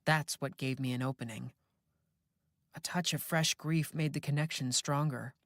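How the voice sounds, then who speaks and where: An audiobook narrator reading a first-person horror tale in a measured, reflective manner, close to a studio mic. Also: medium pitch, fairly even intonation, a bit bright, dry recording.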